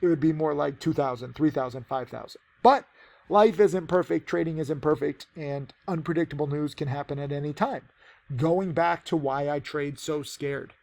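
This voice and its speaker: A man's voice: on the high side, vocal fry, a little mellow. A man teaching penny stock trading, giving a casual, rambling trade recap with many fillers.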